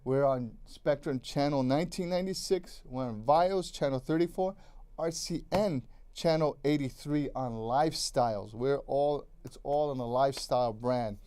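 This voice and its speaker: A man's voice: medium pitch, normal speed, mellow, clear, resonant tone. A man co-hosting a cable access show, chatting casually about movies in a rambling way, repeating himself and restarting his sentences.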